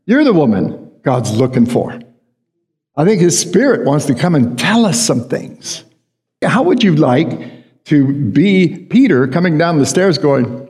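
A man's voice: a little high, very animated, unhurried, a little mellow. A man preaching a sermon in a conversational way, often asking the congregation questions. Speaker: pastor. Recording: long hall reverb.

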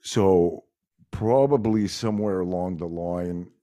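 A middle-aged man with a Montreal accent whose first language is French, talking in a casual chat, animated and swearing freely. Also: deep voice, slow. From Montreal, Quebec. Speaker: guest musician.

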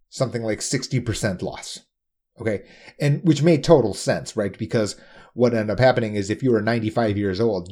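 A man with a fairly low, mellow voice talks fast and with emphasis. He explains in a steady stream and keeps checking in with rhetorical "right?" asides. He sounds like an experienced insurance broker laying out his case. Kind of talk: explanatory talk.

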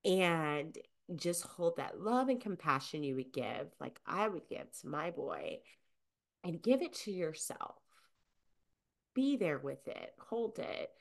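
A woman in her thirties hosting a self-help podcast, talking in a gentle, nurturing way. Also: fairly low pitch, sing-song, vocal fry. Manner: gentle and nurturing, with unhurried soft emphasis. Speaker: podcast host.

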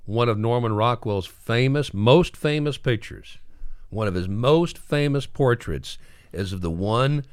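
A man's voice: mid-range voice, animated, measured pace, clear, resonant tone, no echo, clean studio sound. A man with a Southern US accent, co-hosting a talk show, cracking jokes and telling trivia at length. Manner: joking interjections, rambling trivia telling. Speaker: co-host. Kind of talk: casual chat.

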